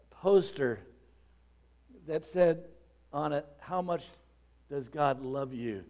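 A man delivering a sermon in a voice pitched a little high. He reads scripture and then expounds on it. His delivery swings dramatically, sinking low and soft before climbing into shouted emphasis. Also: slow, vocal fry. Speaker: preacher.

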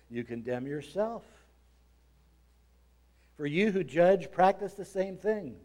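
A man preaches a sermon, reading scripture aloud and explaining it, dropping low and quiet before building to dramatic, shouted peaks.

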